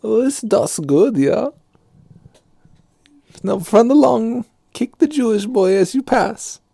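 Man doing a high, syrupy, sing-song adult who shoos a kid off with candy. Quick comedy bit. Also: lively intonation, creaky, dark tone, husky, dry recording, full character voice. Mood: mock-sweet.

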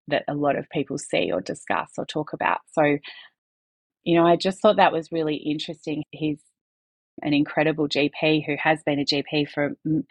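A woman's voice: low voice, creaky, breathy edge, no echo. A woman, a podcast guest talking candidly in earnest bursts with some restarts.

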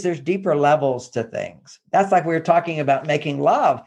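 A man's voice: fairly high pitch, normal speed, vocal fry, hardly any pauses, darkish tone. A man from Texas, a therapist and relationship author, talking casually and animatedly, often acting out quoted phrases. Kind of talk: casual advice talk.

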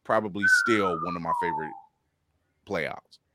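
A man's voice: on the low side, moderate pace, very noisy. A man co-hosting a podcast, chatting casually and profanely, acting out little quotes as he tells a story. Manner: animated, profane, acts out quotes. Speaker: podcast co-host. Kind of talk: casual chat.

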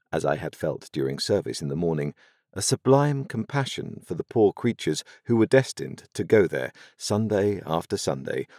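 A man reading a classic novel aloud as an audiobook narrator, in expressive, measured storytelling. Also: deep voice, no echo, clean studio sound.

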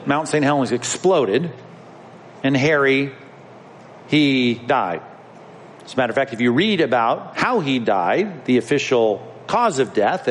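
A man's voice: mid-range voice, a little hiss or hum. A male pastor preaching a sermon in a church, conversational and emphatic, speaking straight to the congregation. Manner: conversational, emphatic preaching with pointed direct address. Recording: long hall reverb.

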